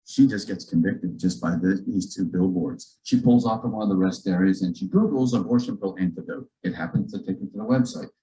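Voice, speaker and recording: A man, a physician, telling a story to a church gathering in a lively, joking way, acting out the dialogue. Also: deep voice, brisk, few pauses, rough recording. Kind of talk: storytelling talk to a church audience. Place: church auditorium.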